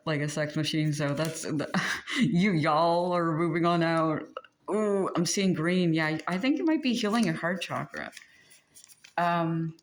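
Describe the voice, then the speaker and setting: Woman, low voice, giggly tarot reader, gentle and chatty. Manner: giggly, chatty, laughs often; gentle and encouraging. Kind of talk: casual tarot reading.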